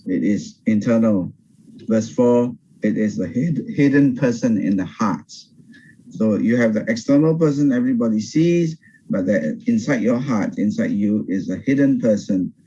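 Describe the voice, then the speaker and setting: Older pastor, dull video-call sound. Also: male voice, medium pitch, slightly rough. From Singapore. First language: Teochew. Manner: animated, pauses and restarts often. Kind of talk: Bible study teaching. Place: home over video call.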